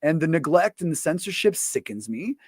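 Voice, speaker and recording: A man's voice: a little high, sing-song, moderate pace, no room sound, clean studio sound. Profane, rambling male show host. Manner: profane, rambling, full of fillers. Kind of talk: casual ranting monologue.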